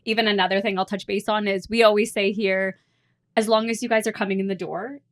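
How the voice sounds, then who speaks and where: A woman of ordinary, middle pitch hosts a casual podcast recorded in a hair salon. She chats loosely, stringing her thoughts together with "like" and "um" as she swaps stories with her guest. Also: steady tone, fast talker. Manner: chatty, many fillers like "like" and "um". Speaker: podcast host and hairstylist. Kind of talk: casual chat.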